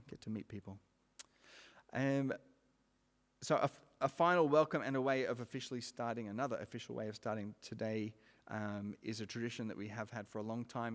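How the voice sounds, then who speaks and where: A man hosts a ceremony from a stage microphone, his mid-pitched voice upbeat and lightly joking. He talks to the audience in a big school hall, and the sound carries a long, ringing reverb. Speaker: master of ceremonies. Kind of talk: ceremony welcome speech.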